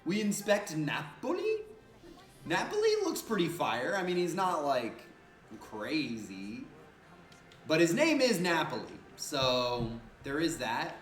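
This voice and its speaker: Fields: animated man streaming a game. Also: fairly high pitch, a little slow, echoey room, faint music behind. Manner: animated, joking, slangy and profane. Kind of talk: casual gameplay commentary.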